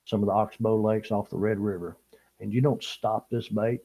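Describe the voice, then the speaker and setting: A man's voice: on the low side, steady tone, moderate pace, dark tone, rough recording. An older man from Louisiana, chatting casually with viewers on a fishing live stream and laughing often. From Louisiana, USA. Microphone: small camera-top microphone.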